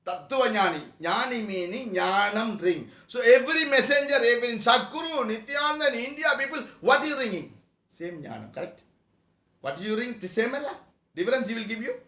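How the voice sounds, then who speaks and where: A man's voice: very high voice, lively intonation, fairly quick, bright, forceful tone, echoey room. A man giving a spiritual discourse to a class in broken English, often asking the listeners questions. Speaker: spiritual teacher. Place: meeting room.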